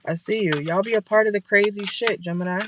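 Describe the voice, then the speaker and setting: A woman's voice: medium pitch, steady tone, fast talker. Blunt, stuffy-nosed woman tarot reader. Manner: blunt, scolding, profane, chatty. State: stuffy nose. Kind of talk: casual direct-to-camera reading. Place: in a car. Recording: noticeable background noise.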